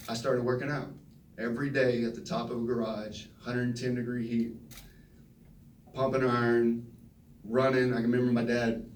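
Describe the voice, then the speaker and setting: A man, telling folksy, animated stories at a press conference and acting out the quotes. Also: medium pitch, a little hiss or hum. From Texas. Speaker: retiring football player at press conference. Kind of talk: storytelling speech. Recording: roomy echo from a distant mic.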